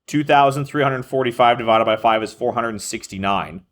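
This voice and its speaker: A man's voice: mid-range voice, brisk, a bit bright. A male math teacher explaining a lesson to a class, thinking aloud, correcting himself and calling on students by name.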